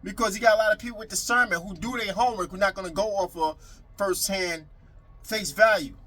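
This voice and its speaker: A man's voice: sits high, brisk, pushed and bright, poor audio. A man delivering a heated political rant to the camera, repeating himself and calling out his critics directly. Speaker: video commentator.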